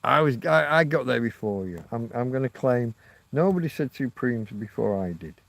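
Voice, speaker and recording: This livestream host, living in Spain, wanders through casual talk with his audience, answering chat comments and making self-deprecating jokes. He speaks in a creaky, mid-range voice with lively intonation at a moderate pace.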